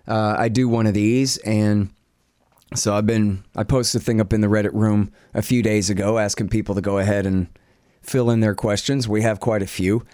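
A man hosting a casual question-and-answer podcast from his home office. His voice sits on the low side and he talks in a loose, rambling, self-deprecating way. The sound is close and dry. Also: steady tone, moderate pace, mellow, no echo. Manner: rambling, profane, self-deprecating, lots of fillers. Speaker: podcast host. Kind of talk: casual Q and A chat.

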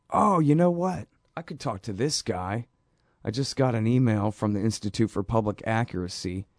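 A man's voice: lowish voice, darkish tone, no room sound. Man, talk radio host, blunt and slangy, dry close mic. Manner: blunt, slangy and fast-talking, trails off into mumbles. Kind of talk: casual talk radio monologue.

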